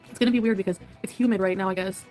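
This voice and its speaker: In an archived live stream played in a reaction, a woman answers her chat rapid-fire in a mid-range, darkish voice with fairly even intonation. She giggles, dodges questions, and keeps things private, with faint music behind her.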